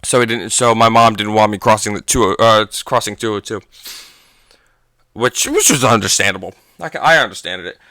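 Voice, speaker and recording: A man's voice: on the low side, normal speed, sharp tone, dry recording. Chatty teenage boy telling a story. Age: teens. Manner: rambling, self-correcting, chatty. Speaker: gaming channel vlogger. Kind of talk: casual storytelling monologue.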